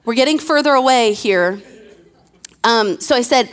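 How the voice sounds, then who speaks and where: A woman's voice: high voice, normal speed, fairly bright tone. Chatty woman pastor preaching on stage. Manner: chatty, self-deprecating storytelling with fillers. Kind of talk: conversational sermon. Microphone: handheld mic.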